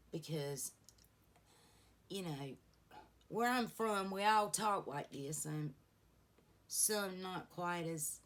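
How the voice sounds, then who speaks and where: A middle-aged woman, chatting through a get-ready-with-me beauty vlog and rambling through stories with many asides. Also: sits low. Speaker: beauty vlogger. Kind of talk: casual get-ready-with-me chat.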